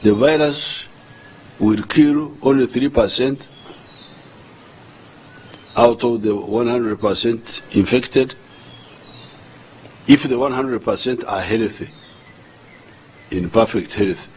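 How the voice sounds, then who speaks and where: An older man with a Ugandan accent addresses the nation formally as head of state, speaking slowly and deliberately and often repeating words while he searches for the next one. His voice is medium in pitch with a darkish tone. The recording is rough, with slight background noise.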